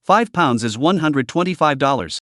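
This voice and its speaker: A man's voice: a little high, lively intonation, normal speed, fairly bright tone, dry recording, clean studio sound. A man voicing a greedy middle-aged male street vendor who haggles in a pushy, indignant way.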